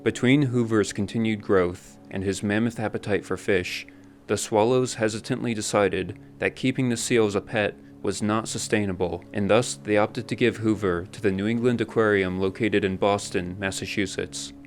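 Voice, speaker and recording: A man narrating a scripted documentary in a measured, even storytelling manner. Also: fairly low pitch, soft background music.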